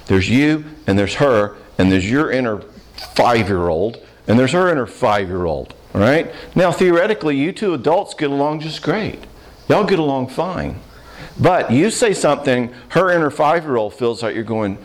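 A man giving a humorous marriage seminar talk, animated and often checking in with "all right?". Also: a little high, fairly quick.

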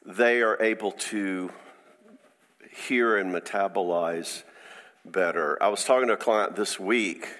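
A man speaking as a counselor, giving an informal faith-based teaching talk in a conversational, halting way with frequent restarts. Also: medium pitch, long reverb tail.

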